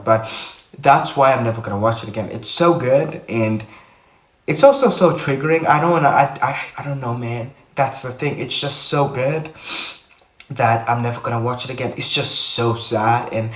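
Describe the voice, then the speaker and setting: A man vlogging to the camera in casual chat, rambling and repeating himself with animated bursts. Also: mid-range voice. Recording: echoey room, a bit far from mic.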